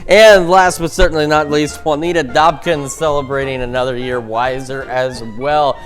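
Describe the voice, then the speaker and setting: A man's voice: fairly high pitch, steady tone, normal speed, faint music behind. A man anchoring a local morning newscast and giving the weather forecast, chatty and upbeat, with the odd stumble.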